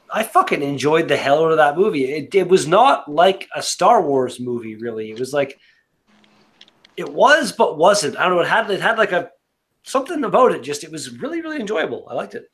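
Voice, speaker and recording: Rambly guy, swears a lot, says like constantly, bit high voice. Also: very animated, normal speed, a bit bright. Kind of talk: casual chat.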